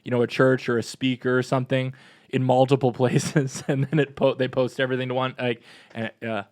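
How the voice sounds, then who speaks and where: A man's voice: medium pitch, flat delivery, darkish tone, no echo. Upbeat male parish podcast co-host, casual chatter, dry close sound. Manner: chatty and upbeat, quick asides. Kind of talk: casual chat.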